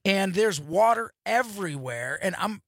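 A man hosting a casual radio show, telling animated, joking stories from a studio. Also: sits high, dry recording. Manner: animated, joking, quick storytelling. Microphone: studio microphone.

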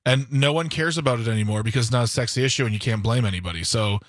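A man's voice: medium pitch, rapid-fire, dry recording. A man co-hosting a call-in radio show, chiming in with wry, blunt asides. His voice sits in the middle range. The studio mic sounds dry and close. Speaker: radio co-host.

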